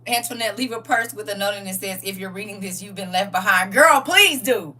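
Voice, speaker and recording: Bright, lively woman livestreaming. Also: medium pitch, brisk, far from the mic. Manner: animated, laughing, talks back to chat with slang. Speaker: livestream host. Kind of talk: casual livestream chat reading viewer comments.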